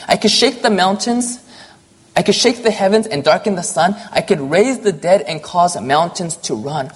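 A preacher with a husky, slightly breathy voice sits at a middle pitch. They read aloud in a sermon, slow and earnest, letting soft pauses hang between phrases.

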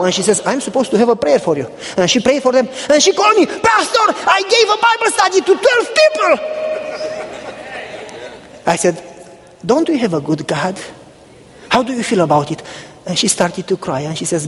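A man's voice: sits high, a little mellow, in a large hall. A middle-aged male pastor preaching a sermon, telling a story and acting out both sides of the dialogue. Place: church.

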